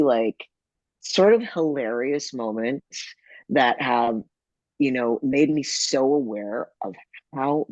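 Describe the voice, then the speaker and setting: A man speaking as a podcast guest, telling personal stories in a lively way and acting out the people he quotes. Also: mid-range voice, no echo, muffled recording. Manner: animated, acts out quoted people. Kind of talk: conversational storytelling.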